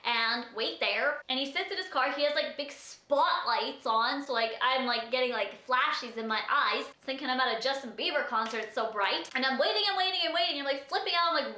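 A woman's voice: high voice, fairly quick, hardly any pauses, pushed and bright. A young woman from Saskatchewan, telling a story in a casual vlog, chatty and full of "like". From Saskatchewan, Canada. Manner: chatty, says "like" constantly. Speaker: vlogger. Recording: roomy echo.

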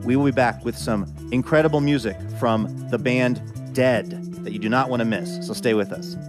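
A man hosting a live radio show from a theater stage, upbeat and quick with his announcements. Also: medium pitch, over music.

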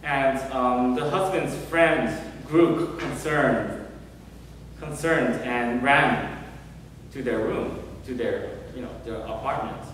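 A male reverend telling a story in a sermon, gentle and unhurried with many pauses. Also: medium pitch, slight background noise. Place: temple hall. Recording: echoey hall from far off.

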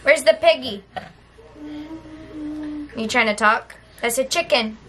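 A woman's voice: on the high side, takes it slowly, fairly bright tone. A mother and family vlogger talking to her toddlers in patient, coaxing baby talk, praising them at home. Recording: noisy home video audio.

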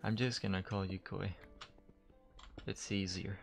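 A man's voice: fairly low pitch, level tone, normal speed, vocal fry, long pauses, a little hiss or hum. A man giving casual, chatty let's-play commentary while he games, joking at himself and swearing when startled. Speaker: gamer. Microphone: desk mic, gamer wearing headphones.

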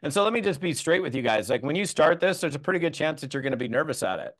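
A man's voice: on the high side, sing-song, fast talker. A man, around his thirties, giving a casual training talk to a group as a network marketing trainer, telling stories with lots of fillers and restarts. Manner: self-deprecating storytelling.

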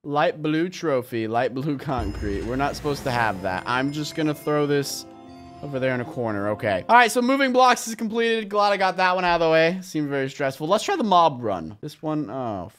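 An excitable young man narrating his own gameplay for viewers. His pitch leaps and swoops as he cheers and groans over every jump. He chats casually and yelps "flip" instead of swearing. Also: normal speed, faint music behind. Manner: chats to viewers while playing. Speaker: YouTuber playing a game. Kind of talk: let's play commentary.

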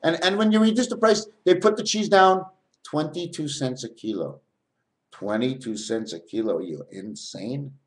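A man's voice: on the high side, animated, moderate pace. A man vlogging a rambling spiritual monologue, jumping between topics and swearing.

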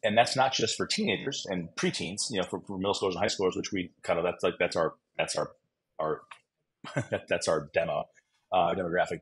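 A middle-aged man, a guest author, telling animated, self-deprecating stories with jokes about himself. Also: low-pitched, breathy edge, rough recording. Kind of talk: animated storytelling.

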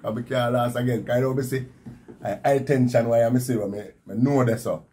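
A man's voice: mid-range voice, fairly even intonation, a little fast, mellow, a little hiss or hum. A man in his fifties from Jamaica with a Jamaican Patois accent, animatedly telling his own survival story and repeating words for effect. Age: 50s. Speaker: interviewee.

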